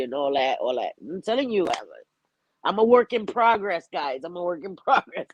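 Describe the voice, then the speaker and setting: A woman's voice: lowish voice, sing-song, normal speed, breathy edge, no echo, lo-fi sound. Heartfelt stuffy-nosed woman streamer. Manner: heartfelt, rambling, laughs often. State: stuffy nose. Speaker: livestream host. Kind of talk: emotional live-stream chat.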